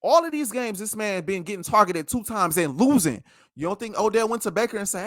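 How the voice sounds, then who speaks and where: A man's voice: sits high, expressive, a little fast, a bit bright, dry recording, clean studio sound. A man co-hosting a sports podcast, ranting passionately and repeating himself for emphasis in a heated debate.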